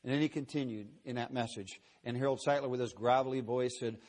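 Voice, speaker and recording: A man's voice: medium pitch, fairly even intonation, fast talker, a little mellow. A male pastor preaching a sermon in a folksy, storytelling way.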